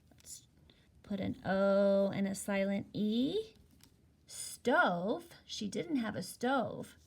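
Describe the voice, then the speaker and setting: A woman teaching a phonics lesson to young children, slowly and patiently spelling words out letter by letter. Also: fairly high pitch, creaky.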